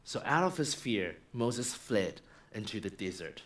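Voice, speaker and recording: A minister preaches a sermon in a church, retelling a story and animatedly acting out its scenes. His voice is fairly low in pitch, with a measured pace.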